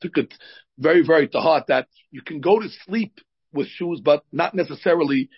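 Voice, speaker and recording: A rabbi teaches a religious lesson, explaining things conversationally and weaving in personal stories, with plenty of fillers. His voice is a little high and slightly rough, at a normal speed. The recording sounds dull and lo-fi.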